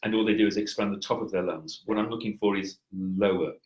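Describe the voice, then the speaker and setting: A man with a fairly low voice, talking over a headset on a video call. He coaches with calm explanations and slips in dry, wry jokes. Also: fast, rough recording. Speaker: presentation coach. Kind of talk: coaching feedback chat.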